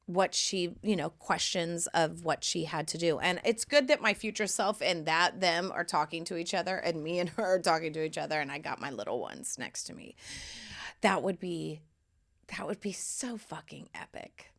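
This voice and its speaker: Animated, foul-mouthed woman podcast host. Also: lowish voice, normal speed, creaky. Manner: animated, swears freely, swings between loud bursts and hushed asides. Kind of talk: casual solo podcast talk.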